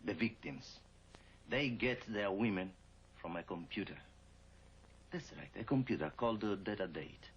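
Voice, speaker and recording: An actor playing a cheerful, nosy amateur sleuth who speaks in broken English. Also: male voice, fairly low pitch, lively intonation, moderate pace, long pauses. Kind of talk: 1960s TV drama acting. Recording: dull old TV soundtrack, hiss.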